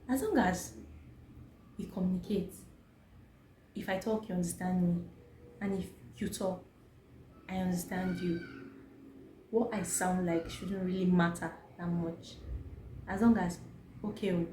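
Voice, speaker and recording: Young Nigerian-accented woman, vlogger, emphatic and rhetorical, mellow tone, roomy echo. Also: lowish voice, a little hiss or hum. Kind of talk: opinionated talk to camera. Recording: echoey room, faint ambience.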